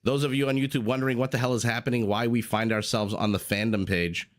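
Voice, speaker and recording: A man's voice: mid-range voice, fairly even intonation, fast talker. A man casting a strategy game live on stream, playful and chatty, coughing along the way. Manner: playful, chatty, teasing himself. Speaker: esports caster. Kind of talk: live game commentary and casual stream chat.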